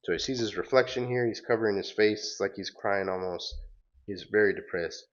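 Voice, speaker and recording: A man's voice: lowish voice, a little fast. A man hosting a casual comic-book read-along, rambling with fillers and self-corrections, on a dull lo-fi recording. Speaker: host reading and recapping comics.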